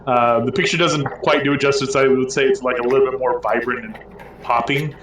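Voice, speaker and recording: A man's voice: mid-range voice, fairly even intonation, fairly quick, fairly bright tone, reverberant, far from the mic, a little hiss or hum, poor audio. A man running a tabletop game as game master, narrating casually with lots of fillers. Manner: loose and rambling, many fillers.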